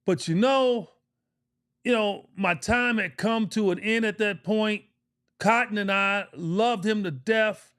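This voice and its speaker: His voice sits high as this middle-aged man, once a professional basketball player and now a podcast co-host, casually and emphatically tells a story. He swears and repeats phrases for emphasis.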